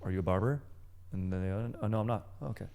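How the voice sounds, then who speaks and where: A man's voice: fairly low pitch, very fast, darkish tone. A man in his thirties co-hosting a comedy podcast, chatting casually with a playful, mock-solemn delivery. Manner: playful, mock-solemn, drifts into quoted bits. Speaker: podcast co-host.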